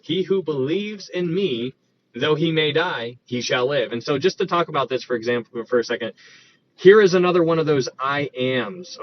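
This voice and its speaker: A man giving a casual Bible study, talking it through with restarts and reading verses aloud. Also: mid-range voice. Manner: conversational, thinks aloud with restarts, reads verses aloud. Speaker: Bible teacher. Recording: dull lo-fi recording with faint noise.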